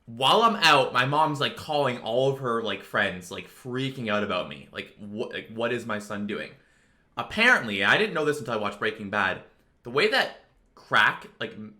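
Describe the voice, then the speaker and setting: A man's voice: medium pitch, sharp tone. A young man casually telling a personal story, rambling with lots of fillers. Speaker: storytelling video creator.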